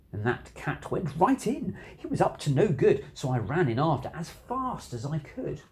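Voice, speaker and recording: A reader narrating a children's rhyming picture book aloud, expressive and rhythmic. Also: mid-range voice, normal speed, few pauses. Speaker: storybook reader.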